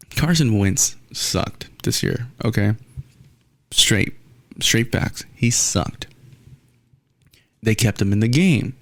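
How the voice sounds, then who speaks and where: A young man hosts his own podcast and rants in a casual, blunt, profane way. His voice sits fairly low and has a gravelly edge. The sound is close and dry, with little room around it. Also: no room sound. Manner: blunt, profane, animated ranting. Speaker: podcast host. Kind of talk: casual solo sports rant.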